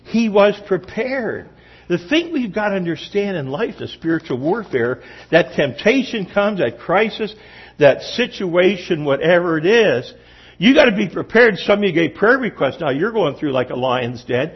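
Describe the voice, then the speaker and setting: A man's voice: high-pitched, sing-song, normal speed, slightly rough. A middle-aged man preaching a sermon to a room, telling stories with animation and quizzing the audience. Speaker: pastor. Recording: dull lo-fi recording.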